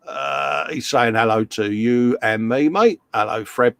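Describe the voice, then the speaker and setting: Broadcasting live from his home workshop, a middle-aged British host chats casually and reads out viewers' chat messages in a British English accent. His voice is on the low side, a bit bright and smooth, animated yet measured in pace. There's no room sound.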